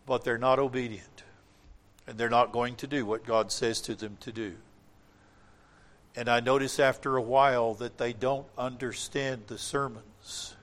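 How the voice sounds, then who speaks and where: Delivering his personal testimony in a sermon, an older man speaks earnestly in a mid-range, steady voice and an unhurried pace. He builds to emphatic points, then falls back to quiet asides.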